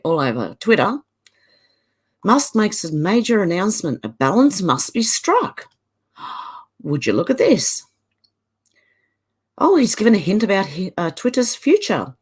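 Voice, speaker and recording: Speaking a little slowly in a sing-song, slightly rough mid-range voice, this livestream host with an Australian accent stops often as she reads out viewers' comments. She keeps things chatty, full of laughter and Aussie slang.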